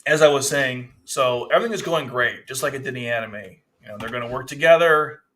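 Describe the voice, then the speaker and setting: A man's voice: mid-range voice, brisk, fairly bright tone, slight background noise. A man casually reviewing a manga chapter, rambling, with frequent restarts. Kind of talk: casual commentary.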